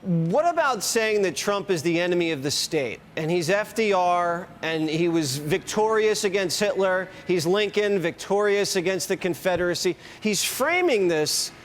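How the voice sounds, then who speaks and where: A man with a fairly high voice hosts a cable news interview and asks pointed, wry questions. Faint noise sits under his voice. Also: animated, normal speed, few pauses, in a large hall. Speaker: news host.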